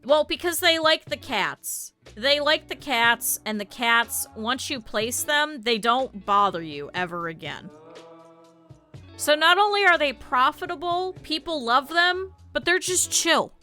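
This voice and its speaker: Streamer lady ranking stuff, bright voice, kinda high, cussing a lot, soft guitar music behind. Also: measured pace. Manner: blunt, swears freely, animated quoted asides. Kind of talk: casual chat to a live chat.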